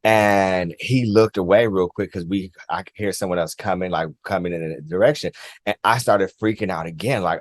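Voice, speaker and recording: A man vlogger earnestly recounting a personal experience, halting and repeating himself with many likes and restarts. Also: deep voice, steady tone, no room sound. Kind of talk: personal storytelling to camera.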